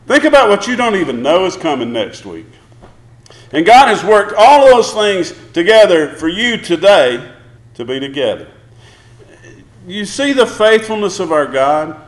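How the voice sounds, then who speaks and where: A man preaching a sermon, emphatic, asking the congregation one question after another. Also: sits high. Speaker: pastor. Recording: roomy echo.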